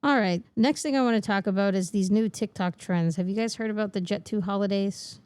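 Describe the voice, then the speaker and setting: A woman's voice: medium pitch, fairly quick, darkish tone, smooth, no room sound. A young woman co-hosting a casual podcast, exasperated, swearing and laughing. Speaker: podcast co-host.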